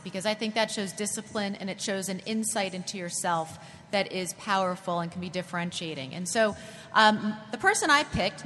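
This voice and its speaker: A woman speaking on a panel in a measured, thoughtful way. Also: medium pitch, pushed and bright. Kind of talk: panel discussion. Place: conference hall. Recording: reverberant hall, faint noise.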